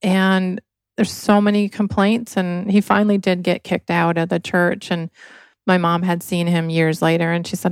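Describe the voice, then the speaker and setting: A woman's voice: fairly low pitch, flat delivery, moderate pace, no echo. Earnest woman telling a personal story. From Michigan. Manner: earnest, emotional, acts out quoted voices. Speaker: podcast guest, inventor.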